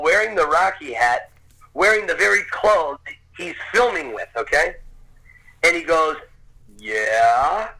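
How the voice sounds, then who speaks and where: A man in his fifties, a podcast guest, telling an excited, gushing anecdote and often repeating himself. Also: on the high side, poor audio. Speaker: podcast guest, Rocky film tour guide. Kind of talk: storytelling anecdote.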